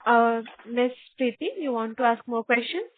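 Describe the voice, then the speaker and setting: Woman, call moderator, high voice, formal, polite, phone line. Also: normal speed.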